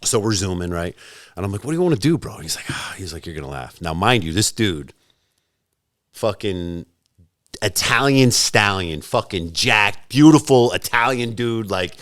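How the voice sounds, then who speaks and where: A man's voice: fairly low pitch, animated, normal speed, a bit bright, no room sound, clean studio sound. A man in his forties, a podcast guest in casual chat, swearing freely and acting out both sides of remembered conversations. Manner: profane, storytelling, acts out both sides of conversations.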